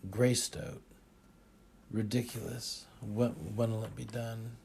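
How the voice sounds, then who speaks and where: A man's voice: fairly low pitch, steady tone, slow, gravelly, a little mellow, a little hiss or hum. A man voicing a terse, secretive tech magnate in an audiobook, with clipped questions.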